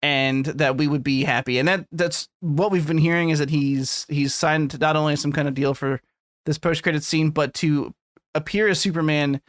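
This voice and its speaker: A man chatting on a podcast, crude and jokey, rambling from one thought to the next. His voice sits on the high side. The sound is dry and close, with no room echo. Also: fairly even intonation, moderate pace. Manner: crude, joking, rambling, laughs often. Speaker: podcast co-host. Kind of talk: casual chat.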